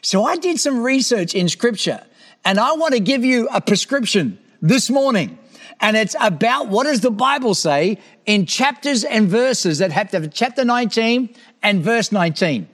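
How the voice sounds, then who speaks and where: A man's voice: high-pitched, sing-song, normal speed, a bit bright. A man hosting a preaching show, exhorting his audience with enthusiasm. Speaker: TV preacher host. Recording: echoey hall reverb.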